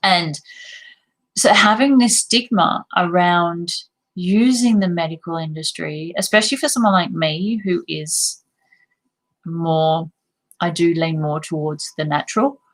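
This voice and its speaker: A woman's voice: fairly low pitch, measured pace, poor audio. A young woman talking candidly to camera in a personal vlog, reflective and self-critical, with the odd curse word. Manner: frank, reflective, self-critical, occasional swearing. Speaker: vlogger.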